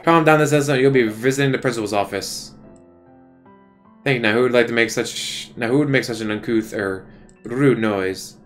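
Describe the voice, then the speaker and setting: A man's voice: mid-range voice, moderate pace, fairly bright tone, soft background music, close to an everyday voice. A man voicing a stern, fussy schoolteacher who scolds in a prim, self-important way while reading a visual novel aloud. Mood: scolding.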